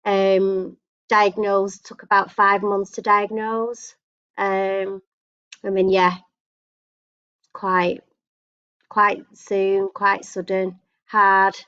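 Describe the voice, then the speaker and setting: A woman sharing her story on a video call, halting and repeating herself. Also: medium pitch, little pitch movement, fairly bright tone, smooth, dry recording. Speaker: support group member. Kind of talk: casual video call chat. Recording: muffled video call audio.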